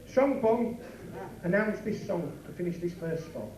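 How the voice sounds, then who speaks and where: A man's voice: high-pitched, animated, unhurried, darkish tone, reverberant, recorded from a distance, poor audio. A man with a Yorkshire accent playing the scolding straight man in a club comedy double act, recorded live.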